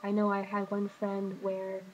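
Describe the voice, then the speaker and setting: A woman talks into her webcam at home in a confessional vlog, her voice flat and even in pitch. She is hesitant and emotional, with many pauses and fillers, and there is faint noise under her. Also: highs cut off. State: emotional, hurting. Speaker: vlogger.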